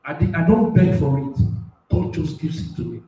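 High-voiced preacher man, echoey and distant. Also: animated, normal speed. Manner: swings between loud shouting and soft asides, laughs often. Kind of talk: sermon. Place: radio platform.

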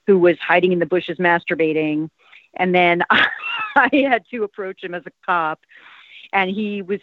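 A woman's voice: fairly low pitch, no echo. A woman in her fifties from South Jersey, an actress talking in a casual interview, rambling with lots of "like" and "um". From South Jersey, USA. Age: 50s. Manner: rambling, many "like" and "um" fillers. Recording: tinny, phone-like, dry sound.

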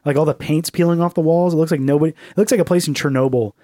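This male podcast co-host, with a slightly high, warm voice, talks rapid-fire in a casual comedic chat. He's loose and profane, full of fillers, and slips into mocking voices. The studio-quality sound has no room tone.

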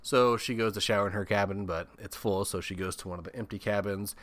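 A man with a fairly low, forceful voice recaps a horror movie in loose, casual chat. He swears constantly and laughs at his own asides, and the sound is dry and close. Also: fairly even intonation, fast talker, dry recording. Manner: profane, laughs often, comic asides. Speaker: podcast host.

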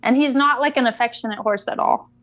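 A woman's voice: a little high, a little fast, a bit bright, no room sound, dull audio. A woman equine coach telling a story in a casual interview, chatty and full of fillers.

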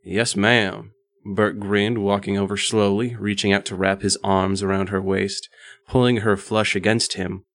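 A man's voice: on the low side, a bit bright, no room sound, clean studio sound. A man co-hosting a podcast, joking around and reading a racy story aloud with mock drama and stumbles. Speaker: podcast co-host. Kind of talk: casual chat and reading smut aloud.

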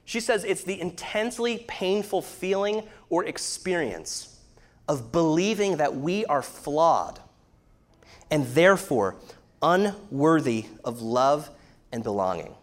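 A man's voice: a little high, lively intonation, takes it slowly. A man in his thirties giving an earnest, explanatory sermon-style talk, with many fillers. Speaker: speaker teaching on shame.

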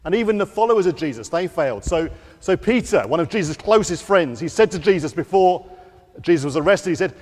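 A man giving an all-age church talk, telling the story in a lively way to children and acting out the quotes. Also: fairly high pitch, fairly quick, in a large hall. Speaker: preacher. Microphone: wearing a microphone.

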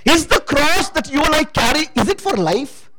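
A man's voice: very high voice, big pitch swings, normal speed, sharp tone, rough recording. A man preaching a sermon testimony, emphatic and calling out to the congregation for responses.

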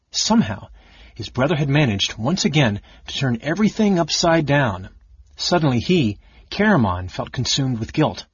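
A man narrating a fantasy novel in a steady, measured reading. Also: mid-range voice, slightly rough, no room sound, dull audio. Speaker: audiobook narrator. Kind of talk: scripted narration.

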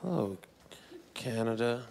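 A man in his twenties doing a stand-up comedy set on a festival stage, dry and deadpan, breaking into loud shouted voices. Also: medium pitch, a little slow, gravelly, noisy background. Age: 20s. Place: large festival stage with a laughing audience.

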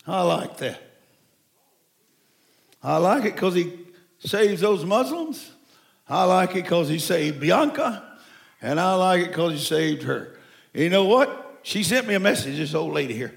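A man in his seventies from Mexico, preaching a sermon to a congregation with folksy, animated storytelling that breaks into shouts. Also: high-pitched, a little slow, gravelly, pauses often. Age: 70s.

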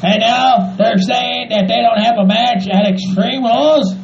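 A man's voice: very high-pitched, unhurried, gravelly, a loud crowd, pitched above the performer's own voice, heavily acted. A man voicing a cranky, foul-mouthed hillbilly man who rants and swears. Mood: irritated complaining. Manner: ranting, swearing, says "by God". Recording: echoey muffled room, faint noise.

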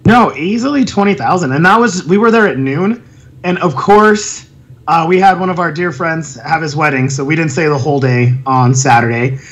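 A man's voice: on the high side, moderate pace, a bit bright. A man co-hosting a podcast, chatting casually and animatedly, laughing often and slipping into silly voices. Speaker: podcast co-host. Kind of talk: casual chat.

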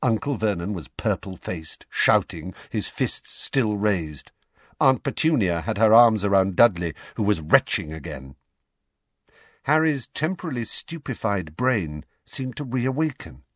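A man reading a novel aloud in an expressive storybook narration. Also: on the low side, a little slow, no room sound, clean studio sound. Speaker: audiobook reader.

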